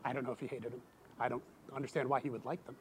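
A middle-aged man preaching a sermon in a lively way, acting out voices with sudden loud outbursts. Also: rapid-fire, slightly rough. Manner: animated, acts out quoted voices with big pitch jumps. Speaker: pastor.

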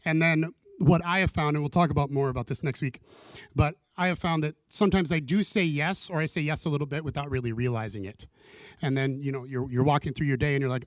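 A man's voice: on the high side, brisk, dry recording. A man leading a small Bible study group, talking casually and earnestly and acting out his own prayers as he teaches.

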